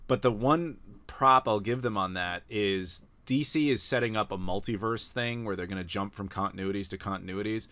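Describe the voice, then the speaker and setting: A man with a somewhat low voice rants bluntly about something he dislikes in a casual podcast chat. His delivery is animated and critical, with frequent fillers. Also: moderate pace, few pauses, dry recording. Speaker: podcast co-host.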